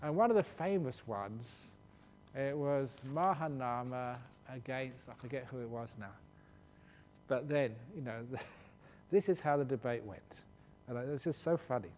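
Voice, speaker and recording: Jokey monk teaching in a reverberant hall. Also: male voice, a little slow, darkish tone. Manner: humorous, laughs while telling stories. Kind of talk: answering questions at a meditation retreat. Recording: long hall reverb with faint low rumble.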